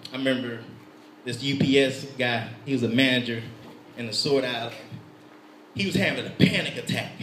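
High, bright-voiced preacher man. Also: echoey room, a little hiss or hum, poor audio. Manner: swings from loud fervent exhortation to quiet intimate asides, laughing often. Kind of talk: sermon.

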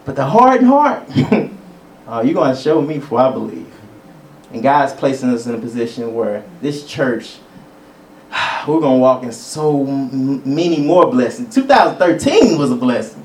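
A man's voice: mid-range voice, very animated, measured pace, a little mellow, reverberant, distant mic, slight background noise, low-quality recording. A male preacher giving a conversational teaching sermon. He chuckles between points and calls out for amens. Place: church sanctuary.

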